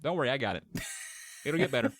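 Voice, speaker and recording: A man co-hosts a casual podcast chat, dropping playful jokes and quick asides. His pitch moves a lot from phrase to phrase, and the recording is close and dry. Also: expressive, fairly bright tone, no room sound. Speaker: podcast co-host.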